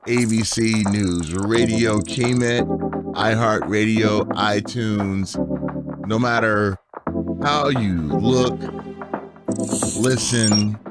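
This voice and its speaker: A man hosting a tech radio show, his voice raspy from allergies, talking in a playful, chatty way. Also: extremely slow, pauses often, over loud music. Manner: playful, chatty, drops into a low murmur.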